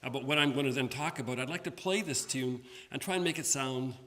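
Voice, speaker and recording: A man's voice: medium pitch, fast talker, a bit bright, a little hiss or hum. A man giving an informal, friendly music lecture, self-deprecating and often restarting his sentences. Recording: long hall reverb.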